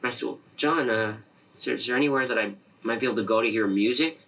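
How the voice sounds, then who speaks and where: A man rattling off a story in an interview, acting out the quoted lines with animation. His voice is gravelly and husky, with a sharp edge. He sounds a little far from the mic. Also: mid-range voice, fast. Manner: animated, acts out quoted dialogue. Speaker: interviewee, friend. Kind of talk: anecdotal storytelling.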